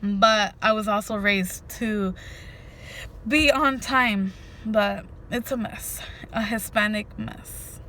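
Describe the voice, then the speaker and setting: Bright, animated woman vlogger. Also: medium pitch, slow, slight background noise. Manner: animated, emphatic, says "freaking" a lot; addresses viewers directly. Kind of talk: casual storytelling to camera.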